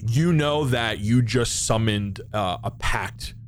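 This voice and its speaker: A man's voice: medium pitch, takes it slowly, slight background noise. A man narrating a tabletop role-playing game as game master, describing scenes with frequent fillers and restarts.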